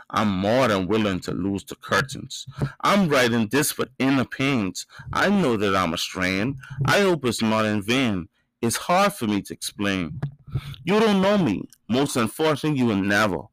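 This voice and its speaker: Guy doing spoken word and rap, real animated voice, rhythmic punchy lines, dry close sound. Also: medium pitch, measured pace, no echo, rough recording. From Bahamas. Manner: rhythmic, emphatic delivery with sudden loud rises.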